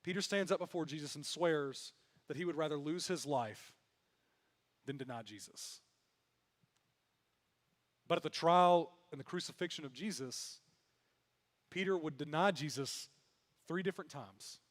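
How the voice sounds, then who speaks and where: A man preaching a sermon as pastor, telling the story with animation and acting out what the characters say. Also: high voice. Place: church hall. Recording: long reverb of a church hall.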